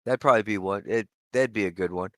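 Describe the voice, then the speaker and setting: Laid-back guy saying dude, lowish voice. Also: fast, a bit bright, no echo, studio quality. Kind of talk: casual group call chat.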